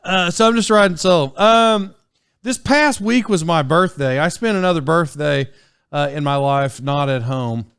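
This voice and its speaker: High-voiced rambling man in his forties. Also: expressive, moderate pace, creaky, fairly bright tone, smooth, dry recording, studio quality. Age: 40s. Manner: rambling, with frequent fillers and restarts. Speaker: podcast host. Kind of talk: casual solo podcast storytelling.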